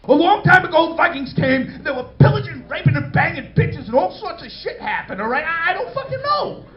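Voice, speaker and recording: A man's voice: very high-pitched, sing-song, brisk, faint music behind. A man doing stand-up comedy, crude and self-deprecating, often laughing at his own jokes. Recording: roomy, dull live club sound with crowd.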